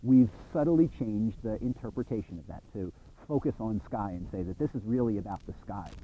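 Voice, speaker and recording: A man's voice: fairly low pitch, expressive, brisk, narrow, tinny audio, a little hiss or hum. A middle-aged man giving a recorded university course lecture, talking in a conversational, reflective way with small restarts.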